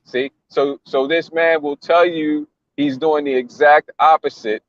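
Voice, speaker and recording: A man's voice: a little high, fairly even intonation, unhurried, lo-fi sound. A man giving casual religious commentary in a blunt, mocking, slangy way, often repeating himself. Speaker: commentator reacting to a news clip.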